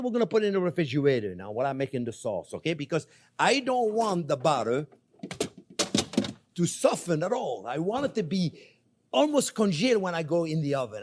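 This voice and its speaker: A man's voice: fairly high pitch, darkish tone. An older man hosting a cooking show, chatting playfully with viewers as he cooks. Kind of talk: casual cooking demonstration.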